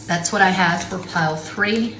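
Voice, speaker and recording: This middle-aged tarot reader has a lowish voice and keeps a moderate pace. She's doing a casual reading at home, rambling and blunt, with plenty of swearing, recorded in an echoey room with a little background noise.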